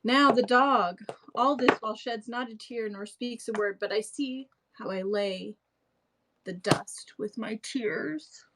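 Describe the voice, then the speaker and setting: A woman's voice: fairly high pitch, steady tone, a little slow, background noise, lightly acted. A woman reading aloud as a clownish young male servant grieving over his family, with big exaggerated swoops in her delivery. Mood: theatrical lament.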